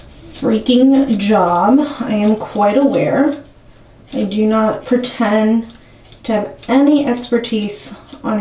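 A woman's voice: mid-range voice, mellow, slight background noise. A young woman vlogging at home, chatting nervously and poking fun at herself as she trims a wig. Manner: nervous, self-mocking, chatty. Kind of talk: casual talking to camera while cutting a wig. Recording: roomy and a bit distant from the mic.

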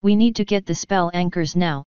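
A woman voicing an earnest, studious young female pony who leads her friends, in her own low, clear reading voice. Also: moderate pace, a little mellow, no room sound, natural voice. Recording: dull lo-fi dry recording.

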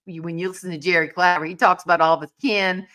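A woman hosting a casual interview, lively and quick to exclaim. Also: on the low side. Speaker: host.

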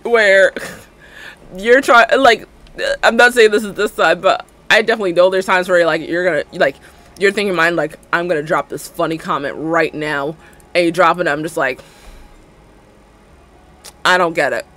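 A woman's voice: lowish voice, normal speed, long pauses, a bit bright. A young woman in her twenties streaming a game, chatting casually in a giggly, rambling way full of "like" fillers. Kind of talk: casual livestream chat while playing a game.

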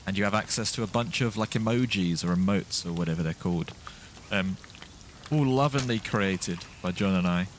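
Man, low voice, stream co-host, casual chat, thanking viewers, light background hiss. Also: normal speed. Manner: chatty, thanks viewers by name.

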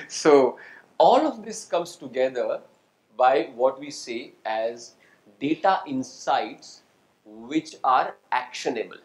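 A man giving an interactive lecture to students as a guest speaker, quizzing the audience and often asking "right?" to check they follow. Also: mid-range voice. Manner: engaging, quizzes the audience and calls on people; asks "right?" to check understanding. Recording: echoey lecture hall.

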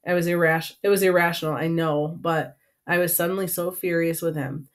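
A woman's voice: fairly low pitch, fairly even intonation, fairly quick. A woman narrating an audiobook in first person with an earnest, emotional delivery.

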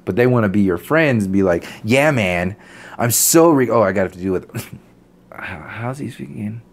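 A man's voice: lowish voice, expressive, normal speed, gravelly. A man ranting to his channel, blunt and profane, stumbling over fillers and restarts as he talks off the cuff. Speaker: channel host. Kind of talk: unscripted ranting commentary.

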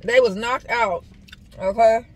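Husky woman chatting between bites. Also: on the high side, slow pace, poor audio. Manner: relaxed, chatty storytelling to viewers. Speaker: vlogger. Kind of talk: casual mukbang chat. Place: inside a parked car.

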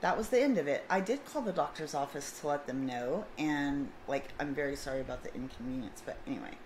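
Middle-aged woman, lowish voice, casual vlog storyteller who plays out both sides of a dialogue; faint background hiss. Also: animated, a little fast, darkish tone, rough recording. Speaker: vlogger.

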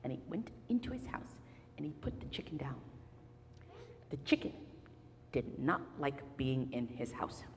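A woman telling a children's story to a live audience, playful and animated, getting the kids to join in. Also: a bass voice, unhurried, long pauses, long reverb tail, a little hiss or hum.

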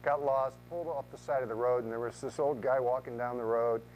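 A man of middle pitch runs a training session for real estate agents. He talks in an animated way, acts out the voices he quotes, and often repeats a word as he restarts a thought. A faint hum sits under the recording. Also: fairly quick, poor audio.

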